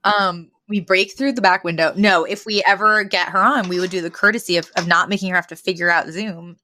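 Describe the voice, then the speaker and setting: Bright-voiced chatty woman podcaster. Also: on the low side, brisk. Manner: animated, chatty with many fillers. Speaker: podcast co-host. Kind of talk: casual chat.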